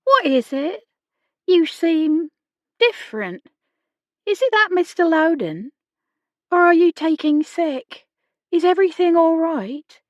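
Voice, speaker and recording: A woman's voice: very high voice, very animated, takes it slowly, long pauses, no echo, voice pushed up, heavily acted. A woman reading an audiobook, voicing a young girl who asks anxious, caring questions. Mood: concerned. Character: young girl maid, eager and concerned.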